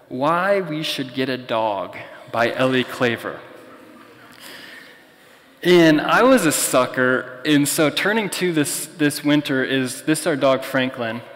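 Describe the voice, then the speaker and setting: A man's voice: mid-range voice, a bit bright, big-room sound. A young man preaching a sermon as pastor in a conversational, storytelling way. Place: church.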